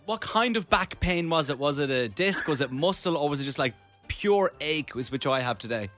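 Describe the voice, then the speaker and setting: A man's voice: on the high side, lively intonation, moderate pace, a bit bright, soft background music. A man hosting a radio chat show with playful banter. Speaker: radio host.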